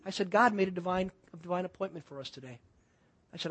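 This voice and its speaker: A middle-aged male pastor preaching a sermon, telling a story that moves between loud excited passages and hushed, intense moments. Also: high-pitched, very fast.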